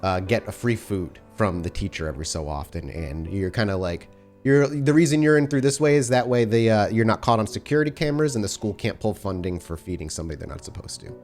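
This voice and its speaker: Man, game master, descriptive second-person narration, lowish voice, faint music behind. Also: animated, fast talker, darkish tone.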